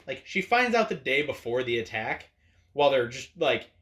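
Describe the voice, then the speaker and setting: A man's voice: medium pitch, sing-song, normal speed, a bit bright. A man hosting an opinion video, ranting sarcastically and swearing freely at the camera. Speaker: video host. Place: indoors at a camera.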